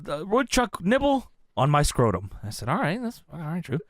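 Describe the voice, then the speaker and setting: A man co-hosting a casual wrestling review podcast, animated and profane, laughing often and reading promos aloud. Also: a little high, normal speed, dry recording, clean studio sound. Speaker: podcast co-host.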